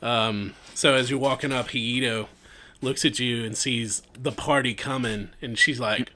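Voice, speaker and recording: Man, game master, bright tone, chatty tabletop narration, online call. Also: mid-range voice, steady tone, unhurried, a little hiss or hum. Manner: loose, chatty, laughs often, trails off into fillers.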